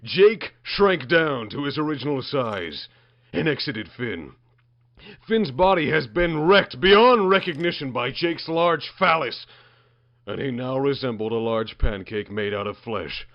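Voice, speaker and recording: A man's voice: mid-range voice, animated, measured pace. A man reading a comedic story aloud in a mock-dramatic, building manner. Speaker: narrator. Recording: muffled dry lo-fi recording.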